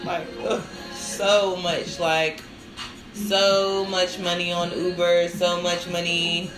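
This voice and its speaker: A woman's voice: on the low side, level tone, takes it slowly, roomy sound, music in the background, low-quality recording. A woman hosting a casual live stream, telling chatty stories full of "like" and bursts of laughter. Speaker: live-stream host and new lactation counselor.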